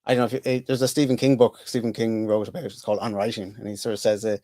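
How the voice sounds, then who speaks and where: A man's voice: lowish voice, flat delivery, very fast, mellow, no echo. A middle-aged Irish man chatting as a podcast guest, rambling and self-interrupting with dry humour. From Ireland. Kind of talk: casual interview chat.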